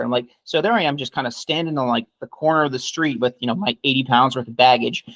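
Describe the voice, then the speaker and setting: A man's voice: medium pitch, fast talker, few pauses, fairly bright tone, no echo. A man co-hosting a podcast, telling a long, rambling story full of swearing and asides like "okay?". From United States. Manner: rambling, swears freely, keeps adding "okay?". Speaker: podcast co-host. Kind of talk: casual storytelling chat.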